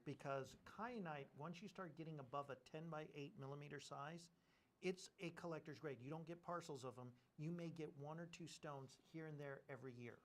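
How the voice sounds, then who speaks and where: A man's voice: a little high, a little fast. A man co-hosting a live jewelry shopping presentation, explaining gem sources and craftsmanship in detail.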